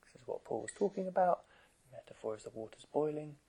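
A man giving a gentle, conversational dharma talk to meditators as their teacher, often asking rhetorical questions. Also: fairly high pitch, expressive, quick pace, husky, rough recording.

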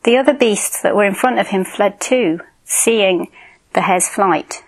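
A woman's voice: medium pitch, measured pace, rough recording. Casual woman giving a dharma talk. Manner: informal, warm, chuckling asides. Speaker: meditation teacher. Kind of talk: dharma talk with story reading.

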